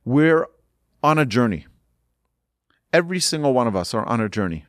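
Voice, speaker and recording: A man's voice: mid-range voice, very animated, normal speed, no echo, clean studio sound. A man giving an urgent sermon as a religious teacher, emphatic and repeating his points.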